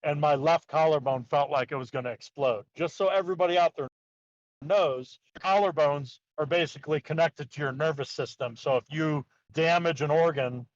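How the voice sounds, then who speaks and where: A man's voice: a little high, moderate pace, no room sound. Male guest, chatty and loose, keeps saying "like", acts out the other voices; dry, slightly lo-fi recording. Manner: rambling, heavy use of "like", acts out quotes. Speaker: guest, BMX park builder. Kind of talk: casual storytelling.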